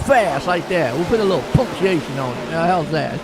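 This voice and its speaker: A man's voice: fairly high pitch, animated, brisk, hardly any pauses, background noise. A man doing laid-back play-by-play commentary for an online sim race, chatty and chuckling between calls.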